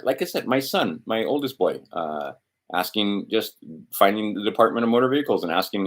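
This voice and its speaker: A lowish but fairly bright male voice moves briskly in a sing-song way. He hosts an instructional video in an informal style, thinking aloud, trailing off, restarting and playing out quoted exchanges.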